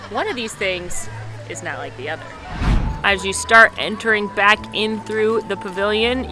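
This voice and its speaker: Chatty upbeat woman touring outdoors. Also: mid-range voice. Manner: chatty and upbeat, jokes and corrects herself. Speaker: vlog host and theme park guide. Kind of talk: casual walking tour vlog. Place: outdoors at a theme park. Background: music.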